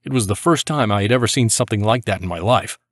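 Low-voiced man narrating a grim memoir. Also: fast, no echo, clean studio sound. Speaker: narrator reading a soldier's memoir. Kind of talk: scripted first-person narration.

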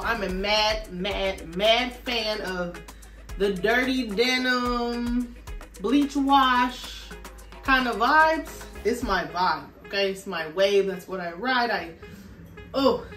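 A woman's voice: a little high, measured pace, far from the mic. A woman vlogger, chatting sassily and animatedly to her viewers during a fashion try-on haul. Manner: sassy, animated, talks straight to viewers with lots of "okay" and "y'all". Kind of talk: casual try-on haul chat. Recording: echoey room, voice off-mic, faint music.

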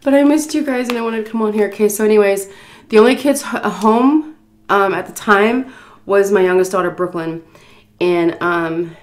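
A woman's voice: mid-range voice, normal speed. Breathless woman chatting to viewers. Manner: chatty, addresses viewers directly. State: recovering from flu, sighing. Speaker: food vlogger. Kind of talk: casual storytelling to camera.

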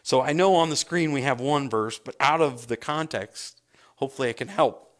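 A man's voice: medium pitch, normal speed, fairly bright tone. A man, a pastor preaching a sermon and acting out scripture scenes with big swings in his voice.

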